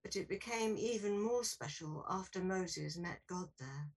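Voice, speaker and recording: A woman preaching a sermon in a church in a clear, explanatory way. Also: fairly low pitch, a little slow, far from the mic, poor audio.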